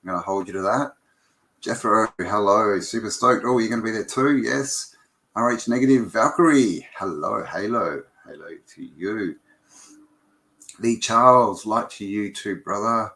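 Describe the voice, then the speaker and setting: A man's voice: lowish voice, fairly even intonation, moderate pace, a bit bright. A man hosting a casual live stream, greeting viewers by name and rambling with lots of ums and restarts.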